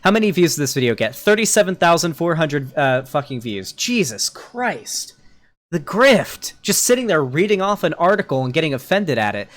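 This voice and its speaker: A man reacts to a clip in a loose, mocking voice, dropping swear words as he goes. His voice sits a little above the usual male pitch. He talks in a casual, conversational way. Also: very animated, fairly quick, hardly any pauses. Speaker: political commentary youtuber. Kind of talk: reaction video commentary.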